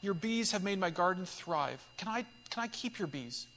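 A blunt, matter-of-fact woman neighbor, as a preacher quotes her, speaking softly in his high voice. The long hall reverb carries behind. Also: expressive, moderate pace, slight background noise, heavily acted.

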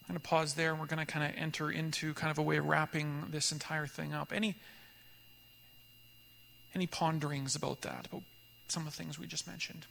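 High, gravelly man telling stories in a hall. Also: brisk, slight background noise. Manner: animated storyteller, acts out dialogue, laughs often. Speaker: pastor leading a church group. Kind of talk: conversational teaching talk with storytelling.

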